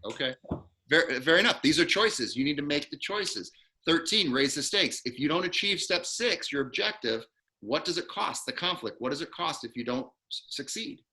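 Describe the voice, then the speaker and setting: Bright-voiced man coaching an acting class. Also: on the high side, lively intonation. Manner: quick, encouraging teacher walking a student through numbered steps. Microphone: video call.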